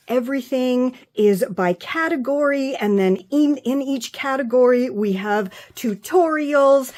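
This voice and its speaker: A woman's voice: on the high side, darkish tone. A woman vlogger talking through her own books, gushing and effusive, often trailing off and restarting, so moved she is near tears. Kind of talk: excited casual show-and-tell.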